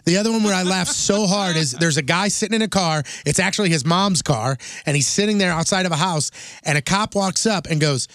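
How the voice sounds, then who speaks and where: A man's voice: sits high, a little fast, a bit bright, no room sound, clean studio sound. A man co-hosting a radio show, telling a funny story in plain casual chat.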